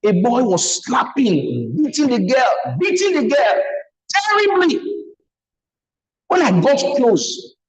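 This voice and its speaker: A middle-aged Nigerian man with a fairly high voice speaks at a seminar on a video call. He tells personal stories in an earnest way and repeats phrases for emphasis. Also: sing-song, slow pace, poor audio. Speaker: speaker on trauma healing. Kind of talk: motivational seminar talk.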